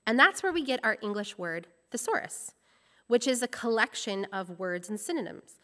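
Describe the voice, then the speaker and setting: Woman preaching a sermon, higher voice. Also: big pitch swings, normal speed, pushed and bright. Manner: explanatory teaching tone, nerdy about word meanings.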